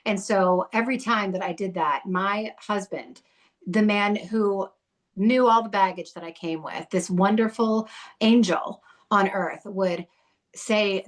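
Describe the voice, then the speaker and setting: A woman guest on a podcast tells her story candidly and with heat. She talks bluntly, swears freely and swings between rage and tenderness. Her voice sits at a middle pitch. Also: unhurried. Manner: blunt, profane and fiery.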